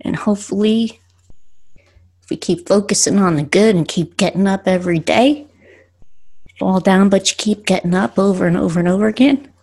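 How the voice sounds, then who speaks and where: A woman podcast host reading her own poems aloud in a slow, earnest way with pauses. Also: mid-range voice, darkish tone, slightly rough.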